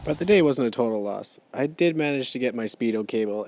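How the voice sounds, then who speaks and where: A woman on a motorcycle trip, chatting in a casual video diary, excitable and incredulous, swearing freely. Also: very deep voice, fairly quick, music in the background, rough recording. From Canada. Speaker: motorcycle travel vlogger.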